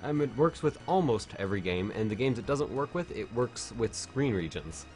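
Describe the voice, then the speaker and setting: Tipsy streamer with lively pitch. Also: male voice, moderate pace, faint music behind. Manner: silly, rambling, jumps to high joking voices. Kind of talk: casual livestream chat.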